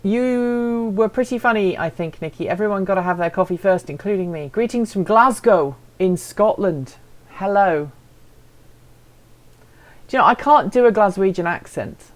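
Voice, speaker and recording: A woman's voice: mid-range voice, animated, moderate pace. A woman hosting a casual live stream, chatting and answering viewer comments in a playful, self-deprecating way.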